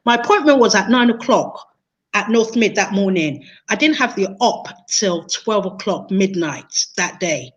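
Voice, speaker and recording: Earnest woman, mid-pitched, recounts a personal story on a muffled video call. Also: normal speed. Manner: earnest, emotional, repeats words and restarts. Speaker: interview guest, training consultant.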